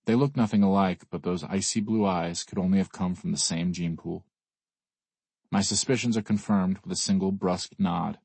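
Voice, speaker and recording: A man narrating an audiobook in the first person, in a weary, brooding, even manner. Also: sits low, moderate pace, creaky, husky, no echo.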